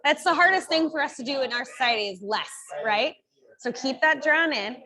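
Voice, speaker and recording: High-voiced upbeat woman physical therapist. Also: normal speed, pushed and bright. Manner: upbeat, chatty coaching cues with frequent "like" and "right?". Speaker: physical therapist leading a workshop. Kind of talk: live exercise coaching. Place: fitness studio group class.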